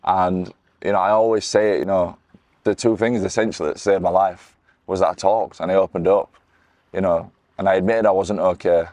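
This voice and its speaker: Talking straight to camera, a young motivational speaker in his 20s shares his own story with earnest candor, full of restarts and "you know." He speaks at normal speed in a very low, flat voice, recorded dry and close with no room sound.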